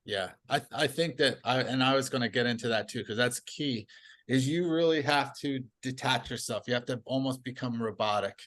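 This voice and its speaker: A man telling stories as a podcast guest in casual conversation, animated and laughing often. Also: medium pitch, moderate pace.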